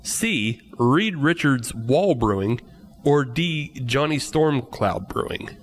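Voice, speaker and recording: A man's voice: medium pitch, animated, slow, a little hiss or hum. Guy hosting a beer podcast quiz, jokey, laughs a lot, reads out the questions. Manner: laughs often, joking. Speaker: podcast host and quizmaster. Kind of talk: casual chat, reading quiz questions.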